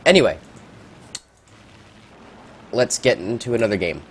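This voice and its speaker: A man giving casual, rambling gameplay commentary, reacting out loud and swearing at surprises. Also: fairly low pitch, big pitch swings, measured pace, a little hiss or hum.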